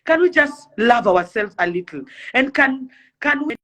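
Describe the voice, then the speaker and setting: A woman's voice: on the high side, animated, moderate pace, a bit bright. A young Kenyan woman delivering an impassioned rant to camera, pleading and fiery, firing off rhetorical questions. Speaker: celebrity influencer.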